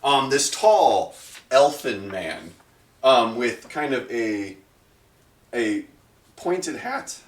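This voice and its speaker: A game master narrating a tabletop game, describing scenes in a lively, rambling way with many restarts. His voice rises and falls widely. The mic sits far off in a roomy space. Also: medium pitch, drawn-out words, pauses often.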